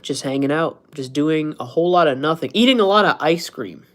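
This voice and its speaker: A man's voice: fairly high pitch, expressive, a little fast. Rambling, joking man streaming live. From United States. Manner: joking, self-mocking, laughs at his own jokes. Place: at home, indoors.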